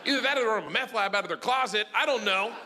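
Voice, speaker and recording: A middle-aged man doing stand-up comedy, telling a story loudly and shouting his punchlines, recorded on a stage mic. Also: sits high, rapid-fire. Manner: loud, animated, shouting punchlines. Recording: stage mic with audience noise.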